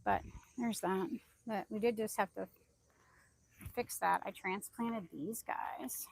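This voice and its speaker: A woman chatting casually on a phone live stream while walking through her backyard garden, rambling loosely and calling out high to her chickens. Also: steady tone, slow pace, creaky, husky. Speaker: vlogger. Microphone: phone held in hand.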